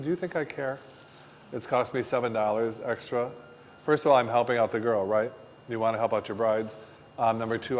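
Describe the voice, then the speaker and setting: A man teaching a floral design class, telling lively stories in an emphatic, salesy way. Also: medium pitch, long reverb tail. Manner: animated storyteller, salesy and emphatic. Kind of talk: classroom lecture with anecdotes. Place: flower design school classroom.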